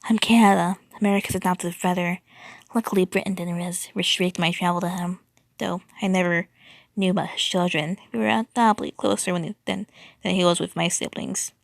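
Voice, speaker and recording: A woman reads as a mild, calm young man personifying Canada. The voice is low-set and gravelly, with even, faltering delivery and a dry, close sound. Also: brisk, no room sound.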